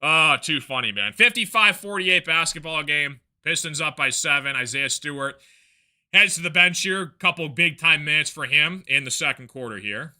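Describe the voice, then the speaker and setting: A man calls a basketball game live for his stream, rattling off plays in quick bursts and breaking into easygoing chat with viewers. His voice sits a little high and sounds bright and ringing. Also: animated. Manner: rapid game calls mixed with casual chatty asides. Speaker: play-by-play streamer. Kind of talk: live play-by-play reaction commentary.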